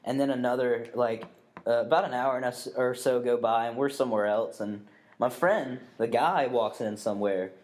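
A young man co-hosts a casual podcast, telling a rambling story packed with fillers, restarts and frequent swearing. His voice sits at a medium pitch with a darkish tone, and he talks at a moderate pace.

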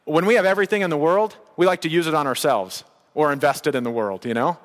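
A man's voice: fairly high pitch, fast talker, big-room sound. A man preaching a sermon in a casual, conversational way, with bursts of emphasis. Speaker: pastor.

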